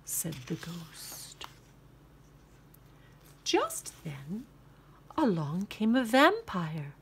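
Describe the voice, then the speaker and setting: A woman reading a children's picture book aloud with expressive, sing-song narration. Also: fairly low pitch, extremely slow, breathy edge. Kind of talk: storybook read-aloud.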